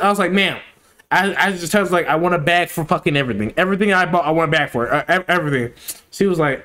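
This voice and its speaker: A young man hosting a reaction video, chatting casually and excitably, laughing often and saying "bro" a lot. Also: fairly high pitch, rapid-fire.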